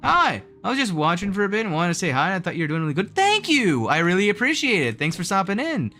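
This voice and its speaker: A man's voice: high voice, big pitch swings, quick pace, pushed and bright, soft background music. A young man chatting casually on a gaming livestream, self-mocking and laughing often as he reads chat aloud. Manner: counts jump timing aloud in a rhythmic sing-song. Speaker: streamer.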